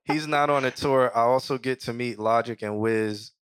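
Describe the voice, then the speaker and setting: A man co-hosting a casual music review podcast, joking and relaxed, breaking now and then into loud impressions. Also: mid-range voice, normal speed, very noisy. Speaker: podcast co-host. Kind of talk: casual chat.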